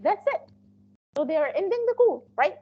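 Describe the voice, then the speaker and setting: A woman's voice: very high voice, big pitch swings, normal speed, muffled recording. A woman teaching an interpreting class in a loose, spoken lecture style, with many fillers and restarts. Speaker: interpreting instructor. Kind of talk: live online training lecture.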